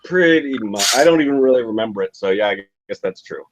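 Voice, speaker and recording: A man's voice: on the low side, expressive, fast talker, crowd noise, rough recording. Congested man on a video call. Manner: loose, joking banter with frequent asides. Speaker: podcast co-host. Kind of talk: casual chat.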